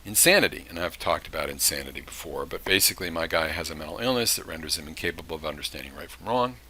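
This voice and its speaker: A man's voice: rumbling low, animated, fast talker, pushed and bright, a little hiss or hum. A man teaching criminal justice in a recorded lecture, talking casually and acting out short examples. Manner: conversational, with acted-out examples and asides.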